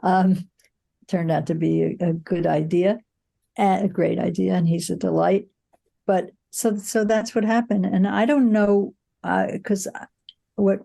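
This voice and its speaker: An older woman with a low-pitched, mellow voice speaks in a relaxed interview. She tells reflective behind-the-scenes stories with frank, outspoken asides. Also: creaky. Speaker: film producer, interview guest. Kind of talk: conversational interview.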